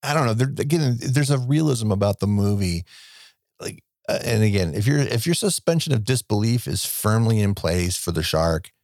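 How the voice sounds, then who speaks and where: A man's voice: lowish voice, animated, normal speed, darkish tone, dry recording, clean studio sound. A man chatting about a film on a podcast, enthusiastic and rambling, swearing freely. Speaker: podcast co-host. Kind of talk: casual movie discussion.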